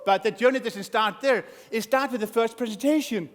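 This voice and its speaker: High-voiced male speaker in an echoing hall. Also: fairly quick. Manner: energetic, shouts to rouse the crowd, acts out voices. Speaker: motivational speaker. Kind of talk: motivational stage talk. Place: large conference hall. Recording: long hall reverb.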